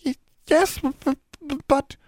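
A man's voice: steady tone, unhurried, a little mellow, no room sound, studio quality. A man voicing a frightened female house elf who shrieks and stammers. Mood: stammering. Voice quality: shrill and stammering. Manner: speaks of herself in third person.

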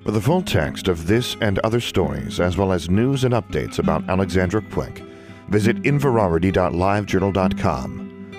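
A man narrating a fantasy novel for a podcast in a steady, even reading style. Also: deep voice, normal speed, music in the background. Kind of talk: scripted narration.

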